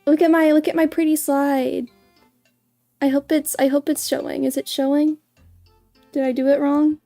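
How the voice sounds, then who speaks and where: A woman with a high, mellow voice chats with her stream viewers in an easy, unhurried way. She is bubbly and giggly, and often trips over and repeats her words. Soft music plays faintly behind her. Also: level tone, creaky. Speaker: VTuber streamer. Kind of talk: casual livestream chat.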